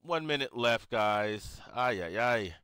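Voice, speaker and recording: A young man, giving excited play-by-play commentary on a game he is playing and talking to his viewers. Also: mid-range voice, takes it slowly, smooth, no echo. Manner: excitable, reactive, talks to viewers. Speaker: gaming YouTuber. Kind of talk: live gameplay commentary.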